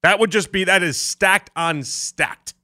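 A male sports radio host with a high, ringing, bright voice. He talks in an animated rapid-fire rant full of jokes and asides, keeping his listeners in on the argument. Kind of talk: sports talk radio monologue.

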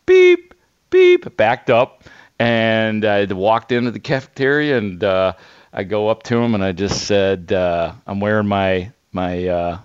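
A man who works as a sports radio reporter, telling a story on air in a casual, animated way and laughing at himself. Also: on the low side, measured pace, clear, resonant tone, no room sound, muffled recording. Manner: animated, self-deprecating anecdote teller with laughs.

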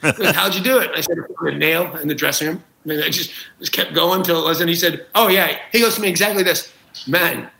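A man's voice: a little high, fast talker, gravelly, pushed and bright, reverberant, rough recording. A man, a talk show guest, telling comic anecdotes with gusto, acting out quotes and laughing at his own jokes. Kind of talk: animated comic storytelling.

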